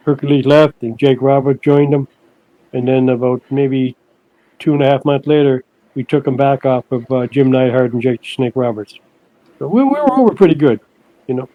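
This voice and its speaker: An older man, a guest on an interview podcast, telling stories in a halting way that repeats words, and he puts on higher voices for the people he quotes. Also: no room sound, phone-quality sound. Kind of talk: casual storytelling interview.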